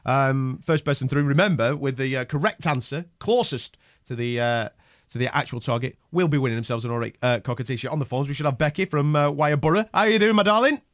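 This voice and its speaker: Fast-talking radio host. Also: male voice, mid-range voice, no echo, studio quality. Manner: quick, chatty and jokey. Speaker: radio breakfast show host. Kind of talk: casual radio banter. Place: radio studio. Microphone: studio microphone.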